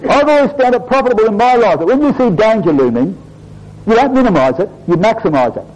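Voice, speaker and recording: High, lively-voiced preacher explaining scripture. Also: male voice, fast, low-quality recording. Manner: addresses "brothers and sisters", explains Hebrew word meanings. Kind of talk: bible exposition sermon.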